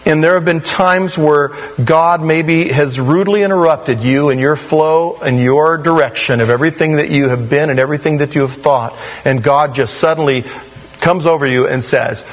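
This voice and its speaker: A man preaching a sermon in a conversational, animated way, with sudden rises in pitch. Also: moderate pace, low-quality recording. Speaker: pastor.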